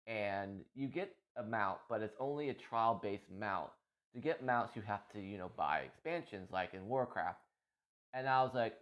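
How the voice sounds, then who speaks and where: A man's voice: lowish voice, dull audio. A man who makes gaming videos, chatting casually and rambling, often repeating himself and laughing easily. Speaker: gaming content creator. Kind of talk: casual chat about a game.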